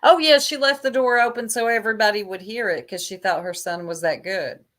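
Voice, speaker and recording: A woman's voice: mid-range voice, fairly quick, a bit bright. A woman in casual livestream chat, gossiping in a chatty, catty, drawling way.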